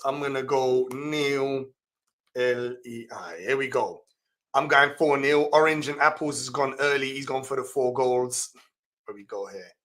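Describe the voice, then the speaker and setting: A man hosting a live fantasy football stream, reading out viewer comments and reacting with laughs and exclamations. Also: medium pitch. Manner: chatty, laughs often, reacts loudly to comments.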